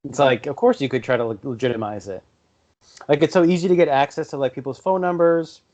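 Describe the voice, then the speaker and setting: A young man co-hosting a podcast, talking in a relaxed, offhand way and swearing casually. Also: mid-range voice, fast talker. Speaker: podcast co-host. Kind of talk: casual chat. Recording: dull lo-fi podcast audio.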